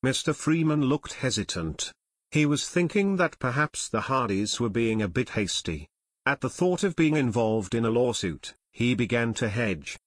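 A man's voice: medium pitch, big pitch swings, moderate pace, dry recording. Man narrating an audiobook, dry sound.

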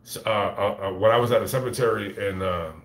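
Here a man with a voice on the low side speaks fairly quickly and with fairly even intonation, in a roomy-sounding room. Telling a story to camera as a YouTuber and reading chat, he swears freely, rambles, and keeps stammering and restarting.

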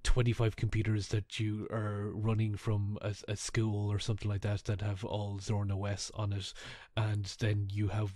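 A man co-hosting a podcast, chatting casually about software with frequent fillers and easy laughs. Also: lowish voice, monotone, moderate pace, hardly any pauses, no echo. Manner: laughs easily, many fillers and restarts. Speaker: podcast co-host. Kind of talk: casual tech chat.

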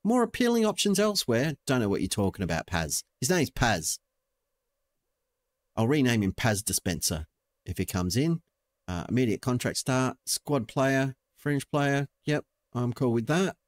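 A man's voice: medium pitch, measured pace. A young man giving playful, joking let's-play commentary as a gaming channel host. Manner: playful, jokey, talks to the screen.

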